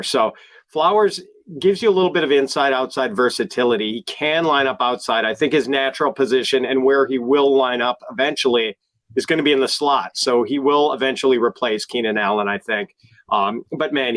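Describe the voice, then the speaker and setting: A man with a mid-pitched voice, recorded close and dry, explains his draft pick. He thinks out loud and hedges with fillers as he goes. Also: dry recording. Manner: thoughtful, hedging with fillers. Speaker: fantasy football analyst. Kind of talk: panel draft discussion.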